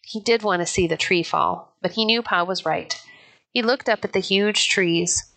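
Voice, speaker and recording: A woman narrating a children's pioneer story in a clear, even, unhurried storybook reading. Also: medium pitch. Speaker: audiobook narrator.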